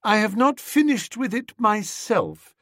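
A storybook reader voicing an imperious, scheming young woman who talks fast and bosses everyone around. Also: mid-range voice, lively intonation, bright, forceful tone, no echo, clean studio sound, voice pushed up. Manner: bossy, fast and breathless.

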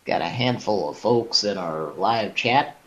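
A man hosts a live stream in a slow, rambling way, stumbling over his words and poking fun at himself. His voice is deep, but his pitch moves a lot as he talks. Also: lively intonation, highs cut off. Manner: rambling, hesitant, self-mocking. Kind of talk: casual chat.

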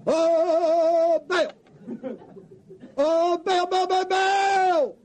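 A preacher voicing a frenzied crowd of pagan prophets, with wailing, shouted pleading. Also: male voice, very high-pitched, level tone, extremely slow, pitched above the performer's own voice, exaggerated voice.

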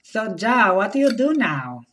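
A woman's voice: medium pitch, big pitch swings, a little slow, a bit bright, faint music behind, low-quality recording. Woman in a comedy bit, all eager buzzwords, earnest hostess vibe. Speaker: sketch actor playing a corporate-speak wife. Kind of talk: comedy sketch acting.

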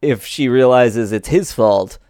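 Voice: medium pitch, unhurried, mellow, no echo, studio quality. A podcast co-host in casual chat about a TV episode, easygoing and hesitant with many fillers.

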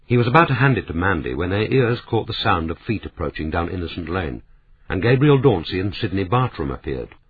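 A man narrating an audiobook in a measured, even storytelling manner. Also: deep voice. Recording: tinny narrow-band audio.

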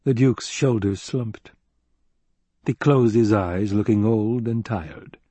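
Husky male audiobook narrator, dry sound. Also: fairly low pitch, takes it slowly, warm tone, no echo. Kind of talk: scripted narration.

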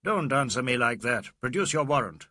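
A man doing a brisk, commanding Englishman. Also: mid-range voice, expressive, bright, forceful tone, no echo, studio quality. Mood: firm. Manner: firm, brusque, reassuring. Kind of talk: audiobook character voice.

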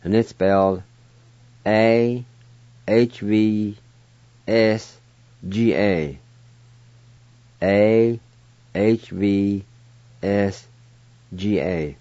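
Slow, deliberate man teaching words. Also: fairly low pitch, dark tone, dry recording, dull audio. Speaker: language teacher. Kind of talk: radio language lesson.

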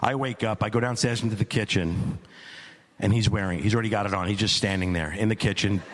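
A middle-aged man telling a stand-up story as an exasperated dad, animated and climbing to near-shouts. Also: on the low side, fast. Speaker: stand-up comedian.

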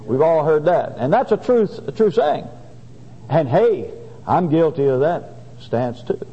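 A man preaching a sermon and reading scripture in a folksy, halting way with many restarts. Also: fairly high pitch, expressive, slightly rough. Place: church. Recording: dull lo-fi church recording with long reverb.

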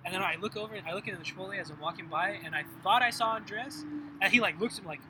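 Young guy talking fast and high, bright tone, cussing, telling stories to friends, bit of noise. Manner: rambling storyteller, heavy swearing, acts out quotes. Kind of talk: casual chat among friends.

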